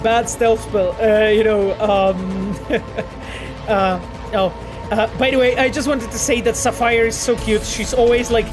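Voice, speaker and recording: A man's voice: high-pitched, flat delivery, unhurried, over music. A man chatting casually on a game stream, rambling with many fillers and frequent laughs. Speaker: streamer and quest director. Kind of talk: casual stream chat while gaming.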